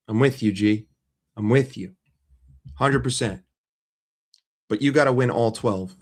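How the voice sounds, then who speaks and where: A man ranting as a football fan vlogger, blunt and sarcastic, with swearing and repeated phrases. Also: mid-range voice. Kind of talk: casual fan rant to camera.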